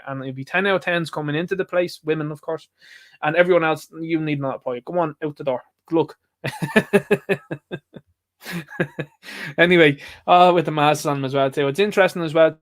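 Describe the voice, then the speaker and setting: An Irish man hosting a solo commentary show, rambling and opinionated as he reads out headlines and riffs on them. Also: fairly high pitch. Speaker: show host.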